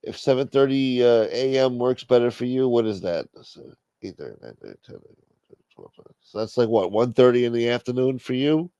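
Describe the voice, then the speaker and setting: Brash guy streaming late at night, gravelly voice, swears a lot, dull lo-fi mic. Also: mid-range voice, expressive, fairly quick, warm tone, no echo. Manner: profane, brash, talks straight to chat. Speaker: livestream host. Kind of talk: casual chat.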